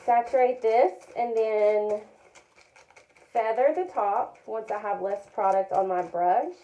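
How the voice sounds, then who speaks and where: A woman with a mellow, warm voice walks through a technique step by step. She talks in a calm, methodical way and comes back to her key points again and again. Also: mid-range voice, slow, dull audio. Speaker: hair color educator. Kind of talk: step-by-step tutorial narration.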